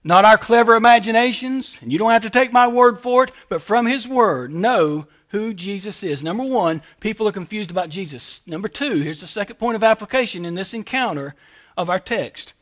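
A man delivers a sermon from the pulpit in a strikingly high voice with a bright, ringing edge. He drives his points home by repeating them, rising to loud emphasis and then falling to near-quiet urgency. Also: expressive, moderate pace. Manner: preaching with emphatic repetition and swings between loud and soft. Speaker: pastor.

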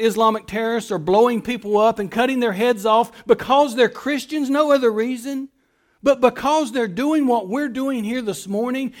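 A man preaching a sermon as pastor, swinging between loud emphatic lines and soft quiet ones, repeating phrases and restarting words. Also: very high voice.

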